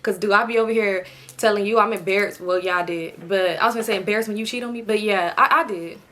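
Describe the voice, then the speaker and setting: Young woman spilling a storytime, blunt and slangy, bright fast voice. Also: medium pitch. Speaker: storytime vlogger. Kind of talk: casual storytime chat.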